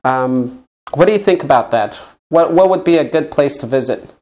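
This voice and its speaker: A man's voice: on the high side, expressive, normal speed, a little mellow. A man with an American accent hosting a casual interview, friendly and upbeat. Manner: friendly, upbeat, laughs often. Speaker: interview host.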